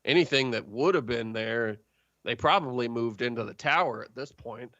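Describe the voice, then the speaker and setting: A man narrating a tabletop game as game master, halting with many fillers. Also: mid-range voice, a bit bright, no echo. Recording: dull lo-fi stream audio.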